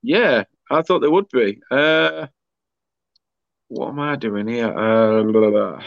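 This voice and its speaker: A man's voice: medium pitch, takes it slowly, creaky, dry recording, highs cut off. A man hosting a casual talk show, chatty, laughing often and reading comments aloud. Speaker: podcast host reading viewer comments. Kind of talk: casual chat.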